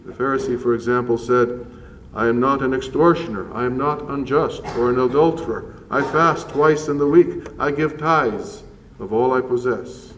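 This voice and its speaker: A man preaching a sermon as a priest, measured and earnest with slow emphatic pauses. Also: mid-range voice, slight background noise. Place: church. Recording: roomy church echo from far off.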